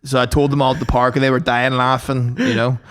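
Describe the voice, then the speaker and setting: A young man, telling a sweary, animated story on a casual podcast and acting out both sides. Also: medium pitch, fast. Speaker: podcast co-host.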